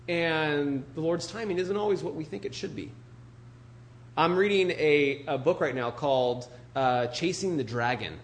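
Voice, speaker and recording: A man's voice: on the high side, moderate pace. A male pastor preaching a casual, joking sermon and reading scripture, full of "you know" and "like".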